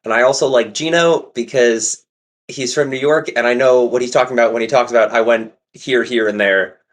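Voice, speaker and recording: A man's voice: mid-range voice, fairly even intonation, fairly quick. A man co-hosting a casual podcast who rambles through a story with lots of "um" and "like.". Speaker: podcast co-host. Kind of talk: casual chat.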